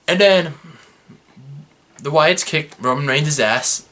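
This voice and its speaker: A young man recapping a wrestling show in a casual, sarcastic, excitable way. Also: on the high side, slow, pauses often. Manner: excitable, sarcastic, fluctuating energy. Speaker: wrestling review vlogger.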